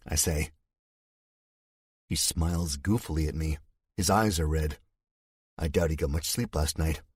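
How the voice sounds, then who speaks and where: Deep, husky audiobook narrator. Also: male voice, measured pace, long pauses, no echo, clean studio sound. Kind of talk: scripted first-person audiobook narration.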